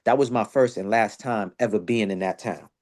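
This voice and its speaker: A man, telling a story in a slang-filled casual chat and jumping up in pitch whenever he quotes people. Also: normal speed. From Boston area. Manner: animated storyteller, slang-heavy, jumps high when quoting people. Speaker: podcast host.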